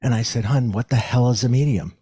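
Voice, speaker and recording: A middle-aged psychic medium, appearing as an interview guest, tells his story lively and a little fast, raising his pitch to act out the people he quotes. His voice has a breathy edge, and there's no room sound.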